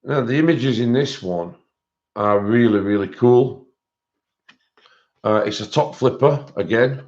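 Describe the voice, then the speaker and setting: A man's voice: medium pitch, measured pace, a little mellow. Man hosting a chatty live stream. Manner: rambling, friendly, greets viewers by name. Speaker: colouring channel host. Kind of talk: casual live stream chat. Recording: dull lo-fi stream audio.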